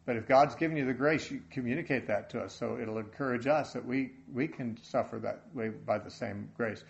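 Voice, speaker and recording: A man teaching from the Bible in an earnest sermon, speaking haltingly and restarting his phrases often. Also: medium pitch, gravelly, lo-fi sound. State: choked up with emotion.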